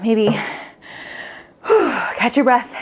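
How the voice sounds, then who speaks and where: Breathless young female fitness coach, slightly high voice, chatty, counts reps aloud mid-exercise. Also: lively intonation, very slow, a little hiss or hum. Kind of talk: talking while leading a home workout.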